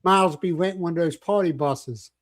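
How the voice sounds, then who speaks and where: A man's voice: fairly high pitch, fast talker. An older man hosting a casual livestream chat, telling rambling stories and joking with viewers. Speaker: livestream host.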